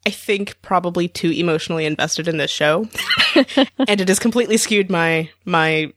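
A podcast co-host in casual chat, wry and quick with a quip. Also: male voice, sits high, fairly bright tone, no echo, clean studio sound.

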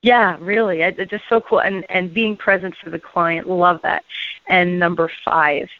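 A woman's voice: fairly low pitch, fairly even intonation, unhurried, no room sound. An enthusiastic woman hosting a radio show, chatting in an upbeat, storytelling way. Her voice comes through a thin, phone-like line with no room sound at all. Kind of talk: conversational radio interview. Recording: tinny phone-like line, dry.

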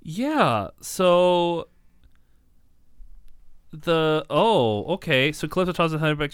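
A man's voice: fairly high pitch, lively intonation, slow pace, pauses often, smooth, no room sound, clean studio sound. A young man co-hosting a casual podcast, reading game endings aloud and often laughing and apologizing. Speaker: podcast co-host.

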